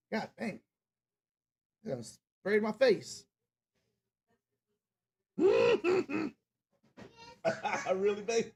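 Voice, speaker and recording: A man's voice: sits high, mellow, slight background noise. A man hosting a podcast, ranting casually and with plenty of swearing about sports fans and reading the live chat. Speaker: podcast host.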